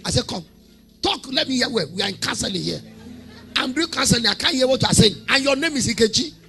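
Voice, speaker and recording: A man with a Nigerian accent preaching a sermon, telling humorous stories with mimicked voices and shouting prayer lines for the congregation to repeat. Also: very high voice, lively intonation, fast talker, vocal fry, faint music behind. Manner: humorous storytelling, mimics congregants, laughs often. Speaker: prophet preaching.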